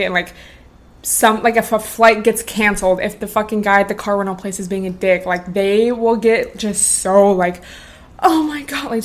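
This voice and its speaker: A woman in her twenties hosting a podcast, telling a casual storytime with lots of slang and swearing. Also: medium pitch. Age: 20s. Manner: slangy, animated, swears freely. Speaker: podcast host.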